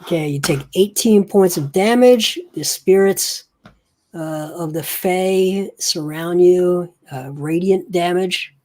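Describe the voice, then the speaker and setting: A woman game master guides players through a tabletop game with a deep, low voice and slow, measured pace. She asks for saving throws, reads out damage, and describes the scene in an unhurried way. Her delivery stays relaxed and methodical.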